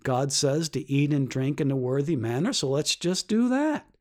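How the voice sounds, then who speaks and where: A man's voice: very animated, normal speed. A man teaching a Bible lesson, explaining earnestly and asking rhetorical questions, his voice climbing sharply when he stresses a point. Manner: rises sharply in pitch for emphasis.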